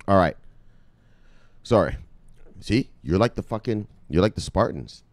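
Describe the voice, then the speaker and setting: A man hosting a video, giving his viewers a fired-up, profane pep talk and repeatedly shouting "bang". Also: deep voice, expressive, normal speed, pauses often, no echo. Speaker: crypto video host. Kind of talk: hyped pep-talk vlog.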